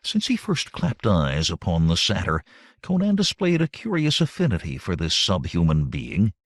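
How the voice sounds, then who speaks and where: Low-voiced male audiobook narrator. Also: huge pitch swings, normal speed, husky, dry recording, clean studio sound. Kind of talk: scripted narration.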